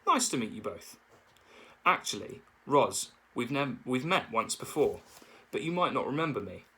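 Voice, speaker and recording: A man's voice: medium pitch, big pitch swings, moderate pace, sharp tone. A man voicing a chatty, friendly female otter telling a story.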